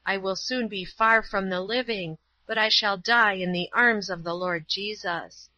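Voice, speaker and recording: Lady doing a weak dying old woman, slow and faint, bit dull lo-fi sound. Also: mid-range voice, pushed and bright, dry recording.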